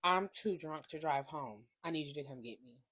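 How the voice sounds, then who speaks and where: A woman voicing a drunk, evasive boyfriend who mumbles low and trails off. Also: moderate pace, bright, forceful tone, breathy edge. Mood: mumbling.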